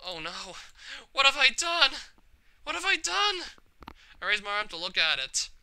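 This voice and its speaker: Man reading as a troubled teen girl, visual novel, brooding, very bright sharp voice, rising cries. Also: high-pitched, fairly quick, clean tone, voice pushed up. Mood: anguished. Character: troubled shy teenage girl, anxious, brooding.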